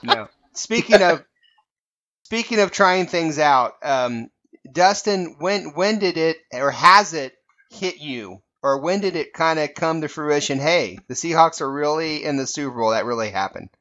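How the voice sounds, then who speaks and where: Animated, higher-voiced man, lo-fi sound. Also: unhurried. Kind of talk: casual chat. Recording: dull lo-fi audio.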